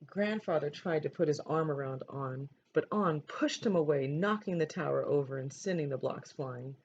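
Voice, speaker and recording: A woman teacher reading a picture book aloud in a measured, gentle way. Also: low voice. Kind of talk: storybook read-aloud. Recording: dull lo-fi recording, faint noise.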